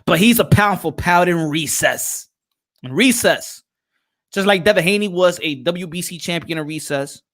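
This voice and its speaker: A man's voice: high voice, expressive, normal speed, fairly bright tone. A man hosting a casual boxing livestream, reading out chat and posing rhetorical questions, often repeating himself. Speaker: boxing show host.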